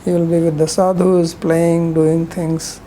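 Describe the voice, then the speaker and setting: A woman's voice: lowish voice, level tone, a little slow, mellow, slight background noise, rough recording. A woman giving a rambling, conversational scripture lecture, telling stories with frequent asides.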